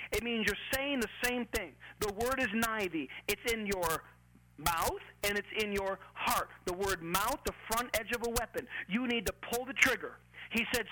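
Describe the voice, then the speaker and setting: A man preaching a radio sermon, fervent and emphatic, rising to loud peaks as he drives each point home. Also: extremely high pitch, a little hiss or hum, low-quality recording. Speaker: pastor.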